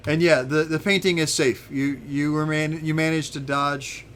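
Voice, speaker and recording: A man with a slightly high voice narrates a tabletop adventure as game master. He rambles easily, restarting his sentences, over a faint background hiss. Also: moderate pace. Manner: relaxed, rambling, many fillers and restarts.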